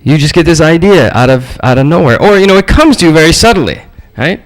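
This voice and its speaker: A man lectures a workshop audience with humorous anecdotes, acting out the voices in them. His voice sits high and swings widely in pitch. He speaks to the room directly and drops casual swears. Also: brisk, low-quality recording. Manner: animated storytelling, acts out voices, casual swearing.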